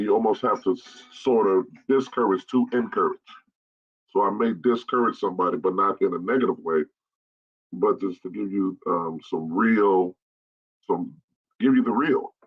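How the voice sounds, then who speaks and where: A middle-aged bishop delivers a blunt straight-talk message to fellow pastors, hammering his points home by repeating them. His voice is low and husky. The live-stream audio sounds dull and lo-fi. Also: normal speed.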